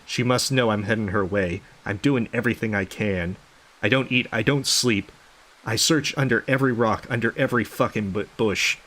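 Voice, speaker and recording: Speaking at a normal speed, a man reads out lines for a deranged, sleep-deprived male doctor character in a game. His voice is on the low side with a touch of brightness, and the delivery is a rambling, profane, paranoid mutter.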